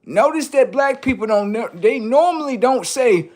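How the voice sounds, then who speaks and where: A man's voice: high-pitched, sing-song, normal speed, darkish tone. A man hosting a livestream who delivers a rambling, preachy and profane unscripted monologue. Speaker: livestream host.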